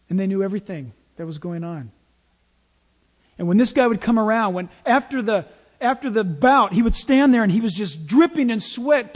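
A man with a high voice preaches an emphatic sermon, pressing his points and telling stories to his congregation. His words ring with a long reverb in a large church hall. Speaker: pastor.

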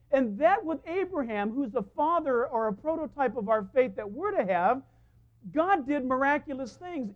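A man preaching a sermon as a pastor, telling stories in an animated way and acting out the voices of the people he quotes. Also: extremely high pitch. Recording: dull lo-fi sound.

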